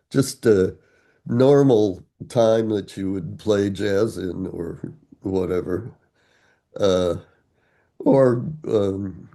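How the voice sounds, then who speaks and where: Older man, gravelly, dark tone, very slow, deliberate explainer with fillers. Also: fairly low pitch. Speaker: author being interviewed. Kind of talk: explaining and reciting verse.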